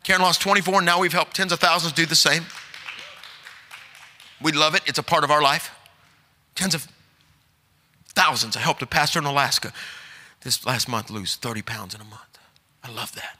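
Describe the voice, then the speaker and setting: In a sermon recorded with long hall reverb, a middle-aged male evangelist tells stories and builds up to forceful appeals. He speaks at a moderate pace in a fairly high, pushed, bright voice, pausing often.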